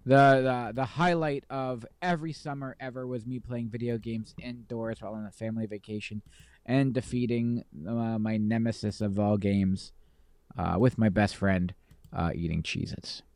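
A man's voice: medium pitch, steady tone, moderate pace, a little mellow, clear, resonant tone, no echo. A man co-hosting a podcast in casual chat, rambling with lots of ums and playful sarcasm. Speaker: podcast co-host.

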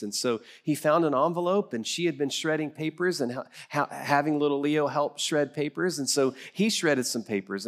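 A middle-aged male pastor preaching a sermon, telling stories and acting out the voices of people in them. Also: mid-range voice. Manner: storytelling, acts out quoted voices.

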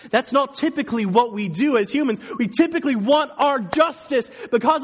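A man preaching a sermon as pastor, animated, swinging between loud emphasis and hushed intensity. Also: very high voice, moderate pace, few pauses, husky. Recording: long hall reverb.

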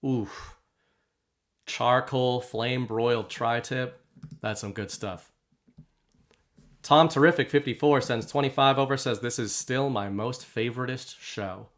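A man's voice: medium pitch, unhurried, fairly bright tone. A man co-hosting a casual podcast, reading out viewer messages in an easygoing way. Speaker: podcast co-host.

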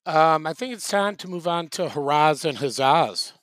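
A man's voice: fairly high pitch, animated, moderate pace, a bit bright, dry recording. A man co-hosting a podcast, chatting casually with dry, wry asides. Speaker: podcast co-host. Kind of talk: casual chat.

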